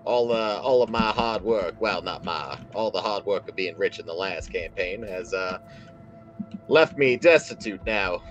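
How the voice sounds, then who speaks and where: A man playing a polite, formal Southern gentleman fixer in a put-on American Southern accent, with hesitant fillers. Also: low voice, lively intonation, a little slow, dull audio, faint music behind. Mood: genteel. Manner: courtly, hesitant, with many uh fillers.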